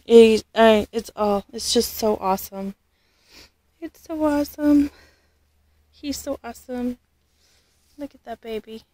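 A woman vlogging an unboxing, gushing and halting, often losing her words. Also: on the high side, fairly even intonation, warm tone, no room sound. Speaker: vlogger unboxing a reborn doll. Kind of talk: casual unboxing vlog.

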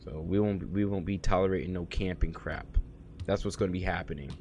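A man live-streaming a game, chatting casually and profanely with his viewers, swinging from low muttering to loud excited outbursts. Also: brisk, background noise. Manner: slangy and profane, talks to chat by name. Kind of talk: casual live-stream chat while gaming.

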